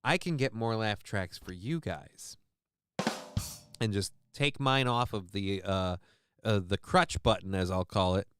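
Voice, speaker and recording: A man's voice: fairly low pitch, measured pace, over music. A man hosting a livestream, talking casually in a rambling, profane, self-mocking way. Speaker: livestream host.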